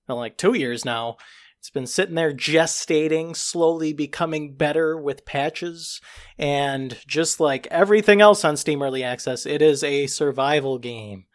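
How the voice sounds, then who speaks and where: A man reviewing a video game in a casual podcast chat, animated and emphatic, with a joking tone. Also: fairly high pitch.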